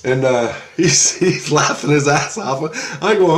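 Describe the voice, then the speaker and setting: A man telling a dream story in a rambling, excitable, profane way and acting out the dialogue. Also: a little high, measured pace, reverberant.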